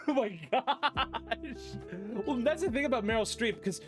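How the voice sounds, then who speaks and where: A man's voice: very high-pitched, measured pace, over music. A man hosting a podcast, chatting casually and telling stories with lots of restarts and fillers. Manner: rambling storyteller, many restarts and fillers. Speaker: podcast host. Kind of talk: casual chat.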